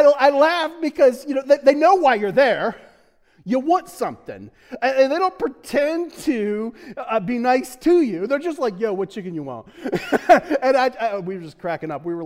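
A man with a fairly high voice gives a casual sermon as pastor, full of jokes and little laughs. His words trail off into a long reverb, as if he is speaking in a large church hall. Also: darkish tone. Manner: joking, chuckling often, restarts and fillers.

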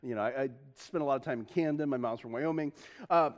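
A man's voice: medium pitch, quick pace. A man preaching a sermon as pastor, chatty and self-deprecating, laughing often and restarting his sentences.

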